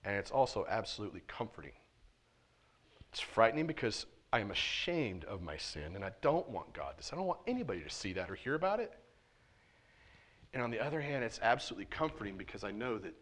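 A man preaching a sermon in a conversational way, swinging between loud emphasis and quiet, hushed asides. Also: on the low side, sing-song, brisk, long pauses. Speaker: pastor. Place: church sanctuary.

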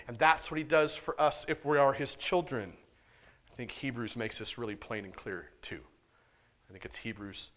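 A man preaching in church with a bright, forceful tone, pitched a little above the usual for men. He talks to the congregation casually, pushing hard on key points and then dropping low and close. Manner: conversational preaching, swings from loud emphasis to hushed asides. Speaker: pastor. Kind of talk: sermon. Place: church sanctuary.

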